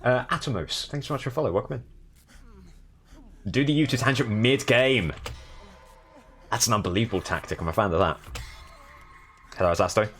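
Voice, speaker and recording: Commentating on his live game with a southern English accent, a young man from the south of England chats animatedly and thanks new followers, pausing often at a moderate pace. His voice is fairly low with a slightly bright tone, and faint music plays behind him.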